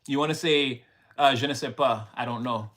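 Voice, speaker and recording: A man's voice: mid-range voice, moderate pace, fairly bright tone. A man from Canada with a Montreal accent, chatting casually to a live audience, laughing often and switching between English and French. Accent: Montreal Quebec. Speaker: livestream host.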